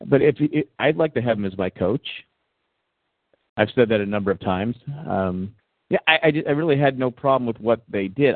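Over a dry, tinny line that sounds like a phone, a man hosting a casual sports talk podcast rambles along, restarting often and leaning on fillers. His voice sits in the mid-range, with no room sound at all.

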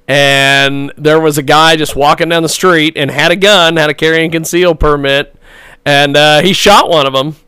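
A man's voice: a little high, steady tone, normal speed, sharp tone, clean tone, dry recording. A man hosting a talk show, laughing often and encouraging his guest, introducing segments in an amused way.

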